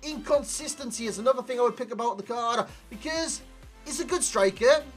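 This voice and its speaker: A man's voice: very high-pitched, fairly quick, faint music behind. Chatty man reviewing a game. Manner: chatty, animated, addresses viewers as lads. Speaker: gaming YouTuber. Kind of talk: video game player review commentary.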